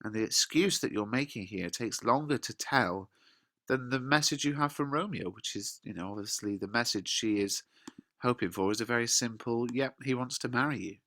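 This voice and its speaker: A British man teaching, reading quoted lines with lively emphasis and then explaining them in casual words. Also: medium pitch, moderate pace, no echo, studio quality. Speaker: English teacher. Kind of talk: explaining a play line by line.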